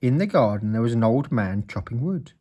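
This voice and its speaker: A man reading a children's story aloud in an expressive, playful way. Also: mid-range voice, fairly quick.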